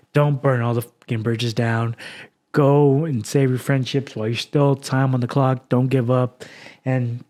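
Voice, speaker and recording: An emotional man hosts a solo podcast after crying, his medium-pitched voice carrying a darkish tone. He speaks raw and heartfelt words of motivation, punctuated by sighs.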